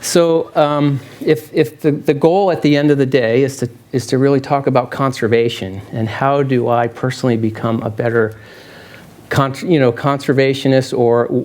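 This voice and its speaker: Man, middle-aged, public lecture, casual and halting, restarts often, mid pitch. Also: a little mellow. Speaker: field biologist and falconer giving a public talk. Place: lecture hall with an audience.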